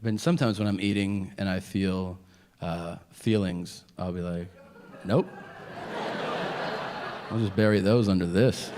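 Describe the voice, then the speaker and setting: A man's voice: low-pitched, steady tone, moderate pace. Male stand-up, self-deprecating, quotes voices; live room noise behind. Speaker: stand-up comedian. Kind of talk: stand-up comedy monologue. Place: comedy stage before an audience.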